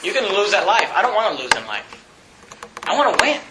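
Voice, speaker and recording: A man preaching a sermon as pastor, with animated, emphatic repetition. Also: high voice, fairly quick, echoey room, noisy background.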